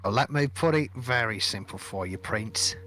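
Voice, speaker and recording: A man's voice: lowish voice, animated, moderate pace, bright, forceful tone, pitched below the performer's own voice. A man voicing a cranky male ship captain who talks bluntly and grumbles. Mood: gruff.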